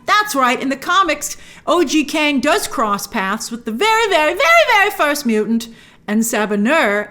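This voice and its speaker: Excitable woman hosting a film breakdown. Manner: excitable, gushing with sudden high exclamations. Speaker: film review host. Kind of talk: casual film breakdown to camera.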